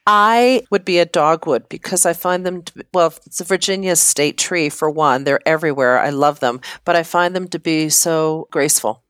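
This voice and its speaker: A woman's voice: sits low, moderate pace, hardly any pauses, a bit bright, smooth, dry recording, clean studio sound. A middle-aged woman, an interior designer, talking earnestly as a podcast guest. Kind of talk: casual interview chat.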